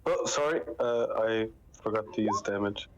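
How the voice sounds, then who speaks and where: A man playing a tabletop game, giving quiet brief answers. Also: on the low side, moderate pace, faint music behind, poor audio. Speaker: player. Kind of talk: casual tabletop play.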